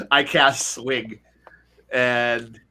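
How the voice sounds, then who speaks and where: A man hosting a casual podcast chat about tabletop games, talking animatedly and slipping into quick voices for players. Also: mid-range voice, fairly even intonation, sharp tone. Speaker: podcast host.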